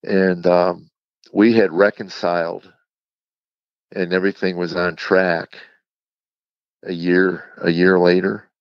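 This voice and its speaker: A man, a comedian guest on an interview show, telling a candid personal story in a halting, reflective way with frequent restarts. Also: low-pitched, little pitch movement, dry recording. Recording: dull lo-fi sound.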